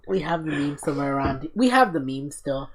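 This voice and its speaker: A man hosting a casual podcast, telling stories in an excited, profane, rambling way. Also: a little high, brisk, background noise. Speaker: podcast host.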